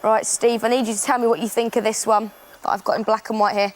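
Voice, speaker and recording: A woman's voice: a little high, little pitch movement, quick pace. A woman presenting a children's craft show, explaining steps in an upbeat, chatty way. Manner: chatty, enthusiastic, step-by-step explaining.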